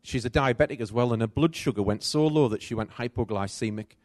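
A middle-aged man preaching a sermon, telling a personal story with animated swings between loud and soft. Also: mid-range voice, quick pace, no echo, clean studio sound.

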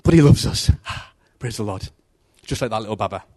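A man's lowish voice carries an informal devotional talk at a moderate pace. He preaches in an animated, storytelling style, conversational throughout, and acts out the story voices.

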